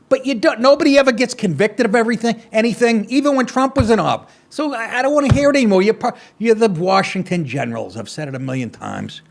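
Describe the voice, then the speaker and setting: A man's voice: sits high, vocal fry. A man hosting a talk show, ranting sarcastically and crudely over political clips.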